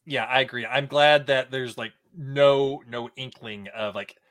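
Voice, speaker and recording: A man co-hosting a podcast, giving his opinions quickly and emphatically. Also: medium pitch, fairly even intonation, fairly bright tone. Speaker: podcast co-host. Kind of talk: casual podcast discussion.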